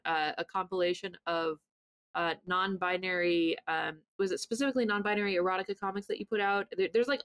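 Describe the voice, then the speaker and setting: An American podcast co-host chatting casually, telling quick stories and laughing often. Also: medium pitch, a bit bright, clear, resonant tone.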